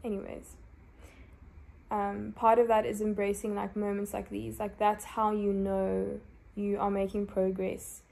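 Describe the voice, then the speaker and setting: A young woman from South Africa talks slowly from her bed in a confessional vlog, tired and emotional. Her voice is mellow and gravelly with a flat, even pitch. She sounds soft-spoken and open. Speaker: vlogger. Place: lying in bed.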